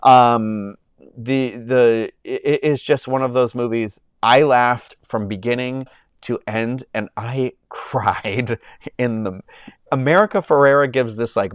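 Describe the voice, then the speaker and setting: Young man, casual streamer, smooth and clear, dry close-mic sound, rambly and effusive. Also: medium pitch, no echo. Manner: rambling, many fillers and restarts, gushing. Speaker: movie review livestream host. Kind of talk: casual chat. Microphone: own microphone, close.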